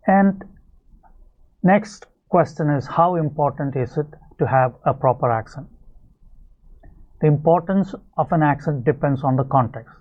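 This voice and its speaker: English teacher man, tinny phone-like sound. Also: on the high side. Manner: explanatory, addresses viewers directly. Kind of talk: scripted video lesson.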